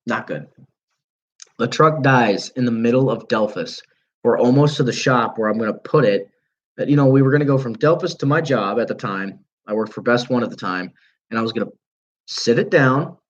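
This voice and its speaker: A man's voice: mid-range voice, muffled recording. A young man hosting a livestream, telling a long story casually with plenty of swearing and mid-sentence corrections. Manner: rambling, profane, self-correcting. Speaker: livestream host.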